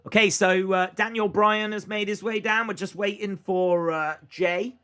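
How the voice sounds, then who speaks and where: A man's voice: high-pitched, steady tone, moderate pace, pushed and bright, clear, resonant tone. A young man hosting a casual live reaction stream, chatting and thinking aloud with frequent fillers.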